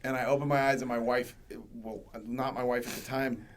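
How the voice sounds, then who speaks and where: A man hosting a podcast who tells a personal story in casual chat and gets loud when he acts out other people. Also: mid-range voice, level tone, a little fast. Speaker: podcast host.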